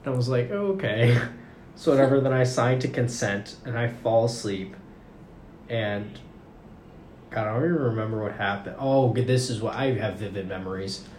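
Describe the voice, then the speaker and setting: A man's voice: mid-range voice, moderate pace, a little mellow. A young man telling a long story in casual chat, rambling and saying "like" constantly. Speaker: podcast guest recounting a story. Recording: roomy room with faint noise.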